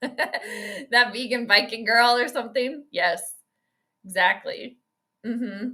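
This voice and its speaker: A woman with a fairly high voice speaks slowly as she hosts a casual live stream covering a football game. She's talkative and excitable, laughing frequently and reading the chat aloud.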